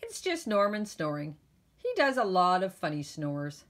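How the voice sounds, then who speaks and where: A woman's voice: fairly low pitch, very animated, a little slow, fairly bright tone. A woman voicing a grumpy young ape boy, a snappy big brother, in a storybook read-aloud. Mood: playful.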